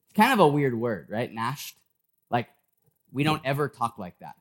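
A man's voice: medium pitch, big pitch swings, normal speed. A man preaching a sermon in a church, talking casually and acting out the people in his story. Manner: conversational preaching, acts out quoted voices. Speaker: pastor.

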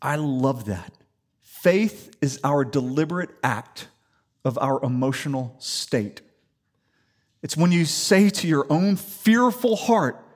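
A man from the Atlanta area preaching a sermon in a church, telling stories and building up to loud declarations. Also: fairly high pitch, measured pace. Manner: animated storytelling, rising to loud declaration. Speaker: pastor. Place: church sanctuary.

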